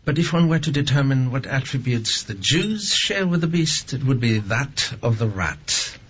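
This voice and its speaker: An actor playing a polite but sinister male officer who speaks in a smooth, measured way. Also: mid-range voice, lively intonation, fairly bright tone, lightly acted. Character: menacing, silky, polite male Nazi officer. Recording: dull film audio with faint noise.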